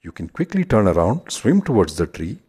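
A man doing a clever squeaky storybook monkey. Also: big pitch swings, normal speed, mellow, breathy edge, heavily acted. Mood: cunning. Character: clever quick-witted male monkey.

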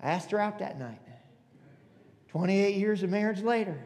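High-voiced emphatic preacher man. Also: animated, normal speed, a little mellow. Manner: emphatic, calls out to the congregation. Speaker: pastor. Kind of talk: sermon. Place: church auditorium. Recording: long hall reverb.

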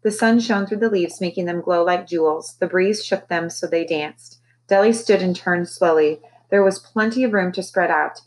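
A woman teacher reading a novel aloud to her class, with expressive, animated storytelling. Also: on the low side, moderate pace, few pauses, rough recording.

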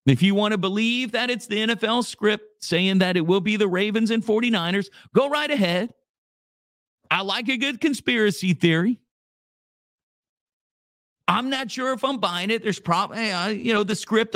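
A man's voice: high-pitched, a bit bright, dry recording, studio quality. A man hosting a radio show, chatting casually in a rambling, jokey way. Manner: rambling, jokey, repeats himself.

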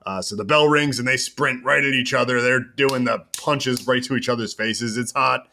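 A man with a bright, forceful voice hosts a casual podcast. He recaps a wrestling show in an animated, storytelling way, with quick asides along the way. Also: mid-range voice, vocal fry, a little hiss or hum. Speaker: podcast host.

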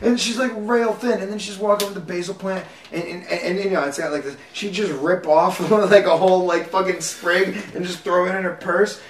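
A man's voice: high voice, steady tone, fairly quick, hardly any pauses, recorded from a distance. A young man in casual chat, telling rambling stories and swearing often. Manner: rambling storytelling, swears a lot. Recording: roomy sound, off-mic, faint hiss.

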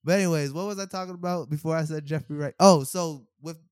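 Animated man telling movie stories. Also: a little high, fast, clean tone, no echo, studio quality. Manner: animated storyteller, acts out quotes and laughs a lot. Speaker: podcast co-host. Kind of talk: casual chat.

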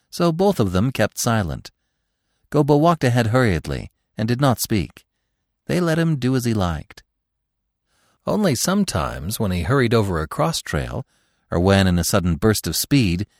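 Low-voiced, expressive male storyteller. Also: dry recording, clean studio sound. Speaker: narrator. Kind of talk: scripted storybook narration.

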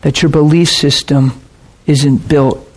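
Husky man preaching earnestly. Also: fairly high pitch, fairly even intonation, slow pace. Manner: earnest, intense, retells quoted dialogue. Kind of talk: sermon storytelling.

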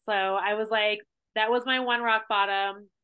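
A woman guest in a casual podcast chat, telling a story in an animated way with many fillers like "like". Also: mid-range voice, moderate pace, smooth. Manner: animated storytelling, heavy use of "like".

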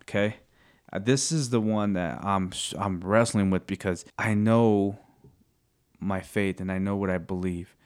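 A man sharing scripture in casual faith talk, earnest and halting, often searching for words. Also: on the low side, steady tone, clear, resonant tone.

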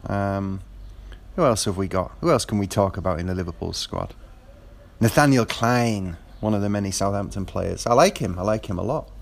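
A man with a somewhat low voice chats casually about football. He rambles, stopping often for fillers and starting his sentences over. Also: normal speed, vocal fry. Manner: rambling, with frequent fillers and restarts. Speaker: football fan. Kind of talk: casual monologue.

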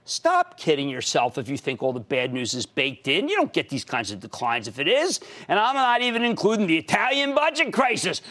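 An excitable man in his sixties with a Philadelphia-area accent, hosting a finance TV show, emphatic and given to shouting bursts. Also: fairly high pitch. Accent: Philadelphia-area American. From Pennsylvania. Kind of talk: energetic market commentary and call-in.

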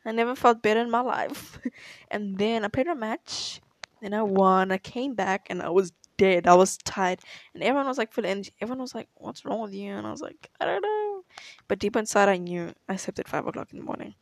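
A woman's voice: medium pitch, a little fast, no room sound. A young woman telling a rambling personal story in a casual chat, laughing often and saying "like" a lot. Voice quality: chatty, laughs often, fills with "like". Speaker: tennis player answering questions.

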